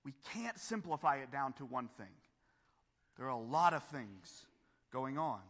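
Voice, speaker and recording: A man preaching a sermon as pastor, earnest and building to forceful emphasis, with frequent restarts and rhetorical questions. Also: medium pitch, expressive, a little slow. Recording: long hall reverb.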